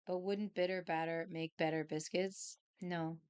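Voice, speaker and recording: A woman's voice: on the low side, fairly even intonation, a little slow, darkish tone, smooth, dry recording. A woman chatting casually as a streamer, playful, giggly and rambling. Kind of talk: casual chat.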